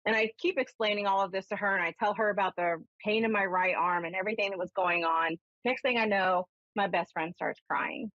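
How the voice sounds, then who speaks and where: A woman medium talks in a chatty, storytelling way on a live call-in show. Her voice sits at a middle pitch. The sound is dry and close, but dull and lo-fi like an old broadcast. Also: fairly quick, few pauses, dry recording. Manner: chatty storyteller, animated when quoting herself. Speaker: spiritualist minister and medium.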